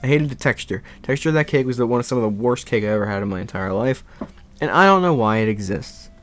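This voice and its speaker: A young man vlogging in a rambling, animated casual chat, laughing and swearing now and then. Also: medium pitch, fast talker.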